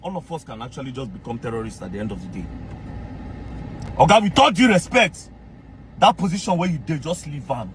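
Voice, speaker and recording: A man with a Nigerian accent, ranting in mocking commentary and often shouting. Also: a little high, sing-song, fairly quick, long pauses, slight background noise.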